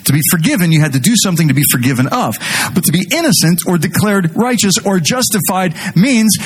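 A middle-aged man preaches with a slightly raised pitch and a husky, breathy edge to his voice. He is animated and jokey, teasing people in the pews and talking straight to the congregation as their pastor. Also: quick pace. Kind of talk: sermon.

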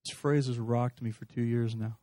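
A man preaching a sermon in a lively, conversational way, acting out little dialogues as he speaks to a live congregation. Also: mid-range voice, moderate pace, no echo. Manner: animated, conversational, acts out dialogue.

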